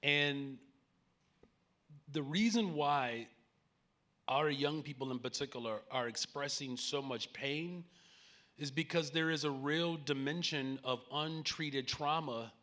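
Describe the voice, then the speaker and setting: A man's voice: on the high side, slow, bright, forceful tone. Earnest Chicago man on a stage. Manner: earnest, preacherly, joking with the audience. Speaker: mayor speaking on a panel. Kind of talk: conference stage conversation. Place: conference main stage before a live audience.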